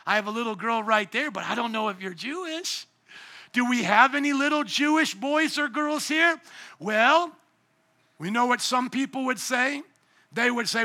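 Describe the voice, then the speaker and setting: A hoarse man preaching a sermon in a church on a handheld microphone, often asking the congregation to call out the next word. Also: very high voice, expressive, moderate pace, pushed and bright. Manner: asks the congregation fill-in questions. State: going hoarse. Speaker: pastor.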